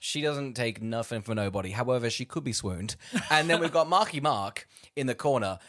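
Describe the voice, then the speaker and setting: A man's voice: medium pitch, brisk. A man co-hosting a podcast, chatting casually about a film and jumping into exaggerated impressions. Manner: animated, jumps into exaggerated impressions. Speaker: podcast co-host.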